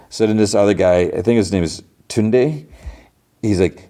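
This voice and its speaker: A man's voice: low-pitched, steady tone, moderate pace, warm tone. A man hosting a podcast, recapping an episode in a rambling casual way, full of fillers and restarts, briefly acting out quoted lines. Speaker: podcast host.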